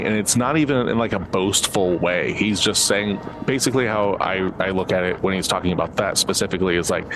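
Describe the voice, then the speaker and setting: A man's voice: low voice, a little fast, few pauses, noisy background. A man co-hosting a podcast, reading a short plot summary and chatting casually about a movie in a laid-back way. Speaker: podcast co-host.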